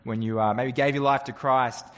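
A man preaches a sermon in an easy, conversational way, earnest and full of rhetorical questions. His voice sits at a middle pitch and carries a long reverb from the hall. The recording has a slightly dull, muffled tone. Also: steady tone, normal speed, fairly bright tone. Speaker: pastor.

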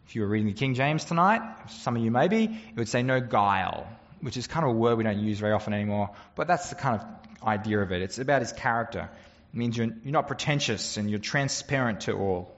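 Earnest pastor preaching in a hall. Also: male voice, lowish voice, animated, fairly quick, muffled recording. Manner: conversational, earnest, with rhetorical questions. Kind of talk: sermon.

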